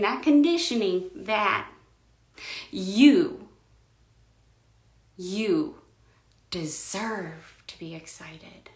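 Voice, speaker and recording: A woman giving a spiritual coaching monologue, slow and emphatic, often sinking to a hushed whisper. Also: medium pitch, roomy sound.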